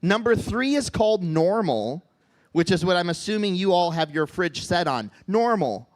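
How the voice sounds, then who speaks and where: High-voiced halting comedian in his thirties. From Midwest United States. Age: 30s. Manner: deadpan, halting with restarts. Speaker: stand-up comedian. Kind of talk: stand-up set. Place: comedy club stage.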